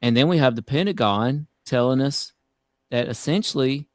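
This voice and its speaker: Energetic male live-stream host, dry sound. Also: medium pitch, moderate pace, no room sound. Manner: energetic, conversational, emphatic asides. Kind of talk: casual live-stream chat.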